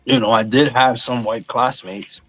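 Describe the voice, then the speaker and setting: A man's voice: medium pitch, steady tone, moderate pace, fairly bright tone, no echo, faint music behind. A middle-aged man from Saint Lucia in casual podcast chat, telling stories animatedly and swearing freely. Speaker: podcast co-host.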